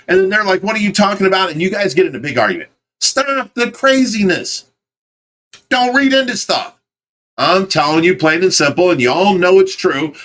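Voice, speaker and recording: This is a man with a fairly high voice, hosting a relaxed livestream from a fish rescue. He talks plainly and insistently and keeps circling back to the same firm point. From United States. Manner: emphatic, insistent, repeats himself. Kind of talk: casual livestream chat.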